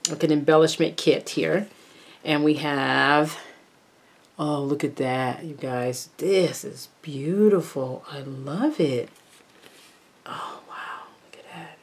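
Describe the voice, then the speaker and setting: Woman, low voice, slow pace, gushing unboxing chat, soft murmured asides. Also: slight background noise. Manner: gushing, exclaiming over each item, drops into soft murmurs. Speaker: craft vlogger unboxing a haul. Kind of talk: casual unboxing narration.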